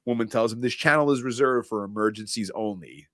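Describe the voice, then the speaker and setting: A low-voiced man recaps a movie plot scene by scene in casual podcast chat. He is animated, jumping into short voices for each character. The sound is dry and close to the mic. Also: no room sound. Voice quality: animated storyteller, doing quick character voices. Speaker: podcast co-host recapping a film.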